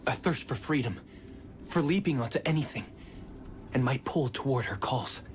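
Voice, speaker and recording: A man's voice: mid-range voice, expressive, moderate pace, slight background noise, lightly acted. Man voicing a bewildered cat-spirit narrator. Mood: reflective. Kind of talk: game character inner narration. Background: game music.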